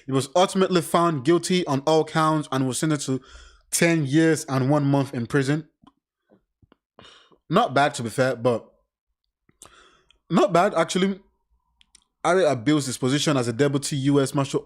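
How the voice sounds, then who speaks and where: Speaking at normal speed but pausing often, a man with a somewhat high voice reads crime case passages aloud and then breaks into blunt, profane comments. The whole thing is loose, animated and off the cuff.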